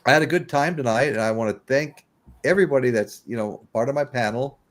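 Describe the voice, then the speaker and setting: A man's voice: medium pitch, fast talker. A middle-aged man hosting a casual live-stream chat, a rambling storyteller who laughs often. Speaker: host.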